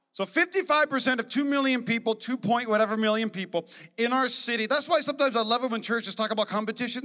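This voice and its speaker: A man preaching a sermon as pastor, energetic and emphatic, with joking asides to the congregation. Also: very high voice, long reverb tail. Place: church sanctuary.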